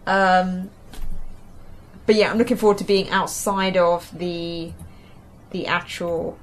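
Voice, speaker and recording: A woman's voice: on the low side, flat delivery, slow pace, slight background noise. Rambling English woman chatting about games. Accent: Essex-tinged English. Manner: rambling, hesitant with many ums and restarts. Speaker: podcast co-host. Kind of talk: casual gaming chat.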